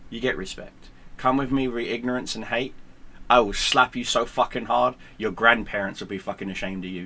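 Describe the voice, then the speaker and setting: Here a man who streams games delivers a profanity-laden tirade to camera, combative and sarcastic. He speaks at a medium pitch with a bright, forceful tone.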